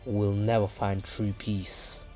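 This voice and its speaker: Man doing a posh masked ninja leader: grave, slow, soft-spoken, over faint music. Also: lowish voice, flat delivery, pitched below the performer's own voice. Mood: solemn.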